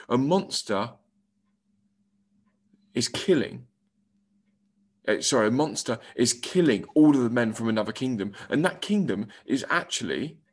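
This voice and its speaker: A male primary school teacher giving a recorded English lesson, explaining step by step and reading example lines aloud. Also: mid-range voice.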